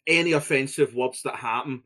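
A man's voice: medium pitch, a little fast, bright, forceful tone. A young Scottish man co-hosting a podcast, chatting casually, swearing freely and laughing often. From Scotland. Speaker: podcast co-host. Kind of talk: casual chat.

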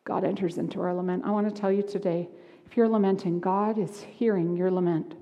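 A woman pastor preaching a sermon, moving between hushed, quiet lines and lively, animated ones. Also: lowish voice, fairly quick, big-room sound. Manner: expressive, shifts from hushed to lively. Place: church sanctuary.

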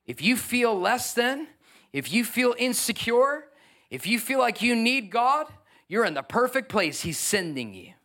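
A middle-aged man, preaching a sermon as pastor in an animated, joking way with asides to the congregation. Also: extremely high pitch, unhurried.

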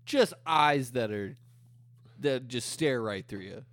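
A man's voice: mid-range voice, normal speed, fairly bright tone, no room sound. A young man co-hosting a podcast, rambling and swearing through casual chat. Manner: crude, rambling, profane. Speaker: podcast co-host.

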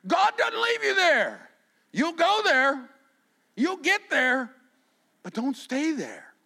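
Impassioned high-pitched male preacher. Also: very animated, slow, vocal fry. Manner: impassioned, swinging from hushed to shouting. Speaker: pastor. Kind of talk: sermon.

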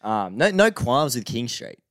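A man's voice: mid-range voice, big pitch swings, measured pace, fairly bright tone, dry recording, clean studio sound. A young man with an Australian accent, co-hosting a podcast in a loose, rambling way with lots of fillers. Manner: laid-back, rambling with fillers. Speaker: podcast co-host. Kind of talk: casual chat.

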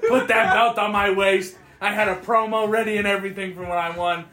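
Man, high voice, bright tone, profane laughing storyteller, echoey room. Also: fairly even intonation, brisk. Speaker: podcast host. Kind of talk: casual storytelling chat.

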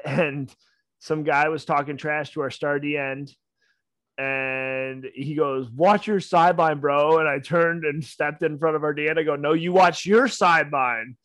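Young guy on a podcast, loud animated stories, highish voice, dead dry sound. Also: clean tone, no room sound. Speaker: podcast co-host. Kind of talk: casual chat.

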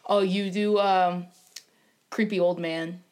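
A woman's voice: fairly low pitch, fairly even intonation, takes it slowly, darkish tone. A young woman co-hosting a casual podcast, teasing her co-host and laughing as they chat.

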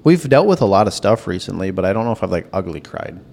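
A young man, a podcast guest, chatting casually and telling stories in a loose, frank way with a gravelly voice. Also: low-pitched, big pitch swings, fast, a little mellow. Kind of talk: casual chat.

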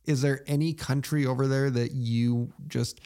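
A man hosting an interview, asking relaxed, halting questions. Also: mid-range voice, clear, resonant tone. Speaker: host.

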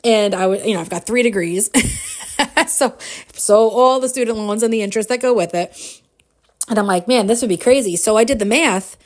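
A woman in her forties hosting a podcast, telling a personal story in a casual, animated way, with frequent laughs and fillers. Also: medium pitch, normal speed. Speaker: podcast host.

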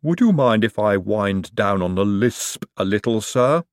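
A man doing a calm, deferential servant. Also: fairly low pitch, unhurried, no room sound, clean studio sound. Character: calm, polite male servant with a lisp.

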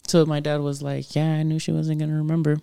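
A man's voice: on the high side, completely flat delivery, quick pace, vocal fry, dark tone, clean tone, no room sound, clean studio sound. A young married man bantering on a podcast, joking around and swearing, calling everyone bro. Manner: joking, profane, calls people bro. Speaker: podcast co-host. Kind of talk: casual banter.

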